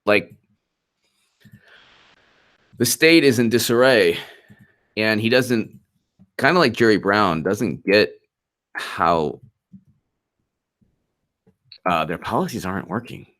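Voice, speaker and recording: A man's voice: on the low side, slow, pauses often, fairly bright tone. A man hosting a political livestream, reacting to polls and chat with frequent giggles and mockery. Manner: giggly and mocking, often laughing. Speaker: political commentary livestream host. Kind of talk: live commentary, reading chat.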